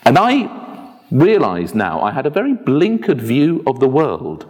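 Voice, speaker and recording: A male minister from England delivers a sermon, telling stories with a gently self-deprecating humour. His pitch is mid-range but very lively, rising and falling through each anecdote. His voice carries a long reverb from the church hall. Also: measured pace.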